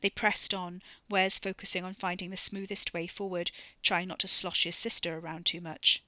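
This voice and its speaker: A woman narrating a novel in an even, measured way. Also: fairly low pitch, dry recording. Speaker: audiobook narrator. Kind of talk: scripted narration.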